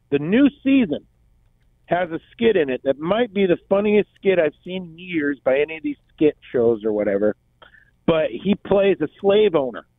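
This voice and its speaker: A man's voice: a little high, no echo. A male radio co-host telling a long story in casual talk and acting out the quotes. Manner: animated storyteller, acts out quotes. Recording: tinny phone-like band, dry.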